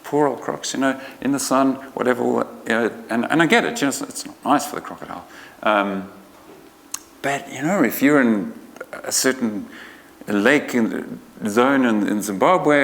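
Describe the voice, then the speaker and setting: A man's voice: mid-range voice, a bit bright. A man giving an informal conference talk as a conservation researcher, joking, colloquial and often restarting his sentences. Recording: long hall reverb.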